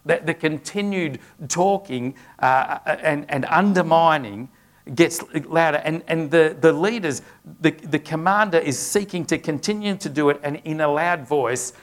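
Earnest man preaching with a higher voice. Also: unhurried. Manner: earnest, with frequent restarts and dramatic readings of scripture. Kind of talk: sermon.

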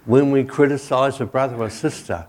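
A man's voice: medium pitch, moderate pace, darkish tone. A male pastor giving a sermon and a prayer while kneeling, telling a story in a conversational way with frequent "you know".

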